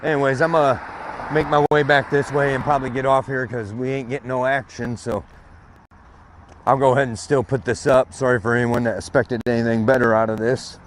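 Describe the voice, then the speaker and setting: This man's mid-range voice comes across flat and a little fast, with slight background noise, as he walks and talks casually outdoors by a street with passing vehicles. His vlog is a long grievance story told in a rambling, cursing manner.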